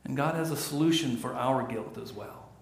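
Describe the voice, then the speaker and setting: A man's voice: medium pitch, normal speed, vocal fry, a little hiss or hum. A middle-aged male pastor preaching a sermon with earnest delivery that rises and falls. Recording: echoey church room.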